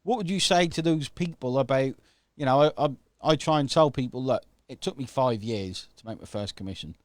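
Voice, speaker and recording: A man's voice: mid-range voice, brisk, no echo, studio quality. A man hosting an online interview, talking casually and enthusiastically, often checking in with "okay?". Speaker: host.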